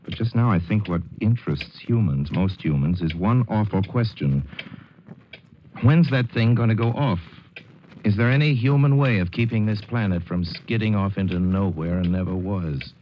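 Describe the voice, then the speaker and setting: A man's voice: lowish voice, normal speed, highs cut off, slight background noise. A man delivering a wry, theatrical scripted commentary on a 1940s radio broadcast.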